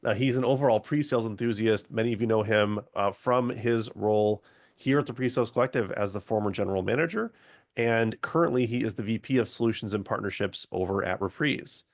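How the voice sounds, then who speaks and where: A man opens a webinar over a video call, cheerfully reading out introductions. His voice sits a little low. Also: brisk. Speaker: webinar moderator. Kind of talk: scripted introductions.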